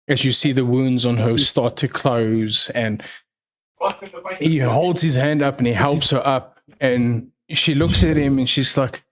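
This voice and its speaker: Male game master for a livestreamed tabletop game. Slow, deliberate storytelling with a mid-range voice. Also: medium pitch, fairly even intonation. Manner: slow, measured storytelling with pauses. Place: online livestream.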